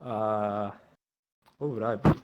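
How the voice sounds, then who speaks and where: A young man hosting a casual chat podcast, relaxed and playful, often pausing with "uh" and "like". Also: fairly low pitch, dull audio. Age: young adult. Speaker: podcast host.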